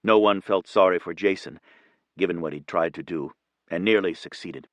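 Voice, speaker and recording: A man narrating an audiobook in a steady, even reading. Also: low-pitched, moderate pace, no room sound, highs cut off. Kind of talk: scripted narration.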